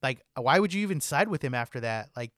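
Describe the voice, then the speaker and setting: A man's voice: mid-range voice, animated, fast talker, a bit bright, dry recording. A young man chatting casually as a podcast co-host, laid-back, swearing a lot and saying "like" constantly. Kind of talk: casual chat. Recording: dry close mic.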